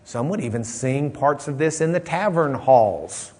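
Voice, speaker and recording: A man's voice: medium pitch, animated, a little slow, darkish tone. A man teaching a casual Bible class, rambling through anecdotes with frequent restarts and fillers. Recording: long hall reverb.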